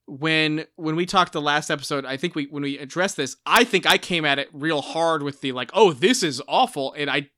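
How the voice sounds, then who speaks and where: A man's voice: on the high side, a little fast, hardly any pauses, bright, forceful tone, no room sound, studio quality. A man co-hosting a casual book podcast, earnest and apologetic, often restarting his sentences. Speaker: podcast co-host.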